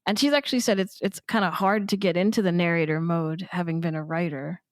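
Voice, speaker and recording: A woman's voice: fairly low pitch, fairly even intonation, brisk, dry recording, studio quality. A woman co-hosting a podcast discussion, chatty and a bit hesitant, laughing often. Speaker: podcast co-host. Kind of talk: casual panel discussion.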